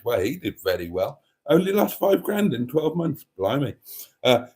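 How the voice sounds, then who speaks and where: Male livestream host reading out chat, amused and chatty, lively pitch, mellow tone. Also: a little slow, long pauses. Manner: chatty, amused, laughs often. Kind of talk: casual chat reading viewer comments.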